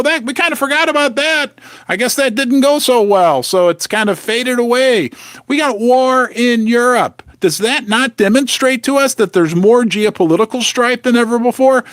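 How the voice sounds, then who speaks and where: The host of a precious metals channel, a high-voiced man, delivers an animated, casual monologue to camera. He's emphatic, throws out rhetorical questions and jokey asides, and the studio-quality audio has no echo.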